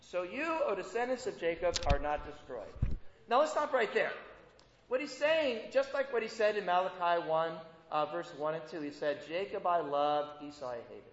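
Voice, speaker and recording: A man with a high voice preaches a conversational sermon and keeps turning to his listeners with questions. His voice rings through an echoey hall with a long reverb tail. The recording sounds dull and lo-fi. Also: animated, moderate pace, slight background noise. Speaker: pastor.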